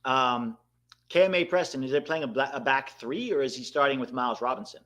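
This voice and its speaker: Excitable man commentating a live watchalong. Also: medium pitch, a little fast. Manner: excitable, bursts out at big moments, talks to chat. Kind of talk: live match commentary and chat.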